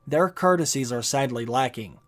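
A man reading aloud the part of a gentle-sounding but sinister male court torturer, soft and calm. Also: medium pitch, moderate pace, soft background music, lightly acted.

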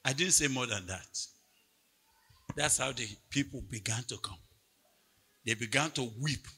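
A man preaching a sermon at a retreat, telling a story with big swings between quiet asides and loud, near-shouted peaks. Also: medium pitch, unhurried, breathy edge. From Nigeria. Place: large hall at a retreat. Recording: long hall reverb from a church PA.

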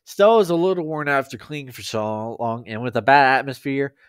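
A man's voice: medium pitch, brisk, clear, resonant tone, dry recording, clean studio sound. A man casually reading fan fiction aloud, stumbling over words and making joking asides. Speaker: story reader.

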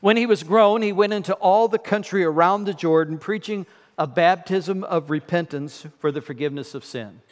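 A man's voice: high voice, moderate pace. A middle-aged man preaching a sermon in a church, conversational and wry, with filler words. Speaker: guest preacher. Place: church sanctuary. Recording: long reverb in a church hall.

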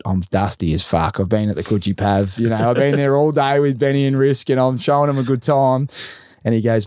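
Animated Australian man swearing freely. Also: mid-range voice, a little fast, clean tone, no room sound, clean studio sound. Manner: animated, profane storytelling. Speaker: podcast host. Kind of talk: casual interview chat.

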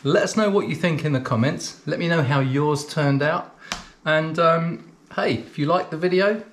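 A man's voice: on the high side, normal speed, a little hiss or hum. A man teaching cookery, chatting casually to the camera while he eats and talking through mouthfuls. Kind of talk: casual tasting chat to camera.

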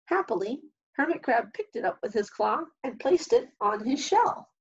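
A woman reading a children's picture book aloud as a storyteller, at a calm, even pace. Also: fairly high pitch, moderate pace, breathy edge, muffled recording.

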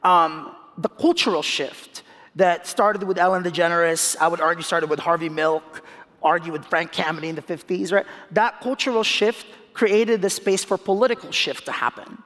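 Man from the Philippines, fairly high voice, animated onstage talk, long hall reverb. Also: moderate pace. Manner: animated, laughs often, repeats words when restarting. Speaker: guest speaker. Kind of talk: onstage interview. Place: large hall on stage.

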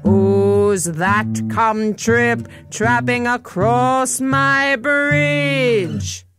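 A woman voicing a horrible, mean troll who speaks in drawn-out, menacing threats. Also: fairly high pitch, a bit bright, soft background music, voice pushed up. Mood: bellowing. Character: horrible mean male troll under a bridge.

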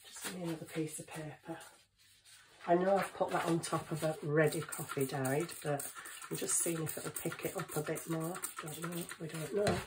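A woman's voice: sits low, steady tone, moderate pace, noisy background. A woman chatting casually in her home kitchen, thinking aloud as she works on a craft. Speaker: craft vlogger.

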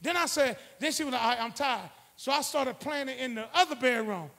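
A man preaching a call-and-response sermon, swinging from quiet asides to shouted exhortations. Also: very high-pitched, brisk, in a large hall. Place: church sanctuary.

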